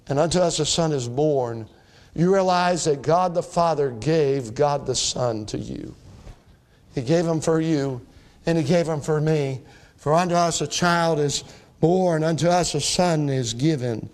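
A man's voice: fairly high pitch, a little slow, darkish tone. A man pastor preaching a sermon to his church, quoting scripture and building to emphatic peaks.

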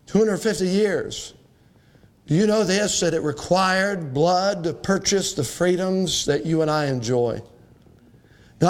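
High-voiced man preaching a sermon. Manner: emphatic preaching, slows and drops for scripture. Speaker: pastor.

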